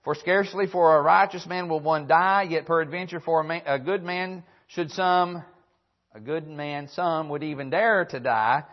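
At a moderate pace, a preacher with a fairly high male voice delivers his sermon, reciting old-fashioned scripture and echoing his key lines. It sounds dull and lo-fi, like a vintage church broadcast.

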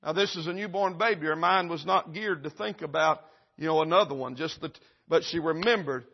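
A man preaching in church, his voice sitting high as he tells a vivid story and acts out every character. He swings from loud, urgent passages to hushed, near-whispered lines. The recording sounds dull and lo-fi. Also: brisk. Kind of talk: sermon illustration story. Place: church service.

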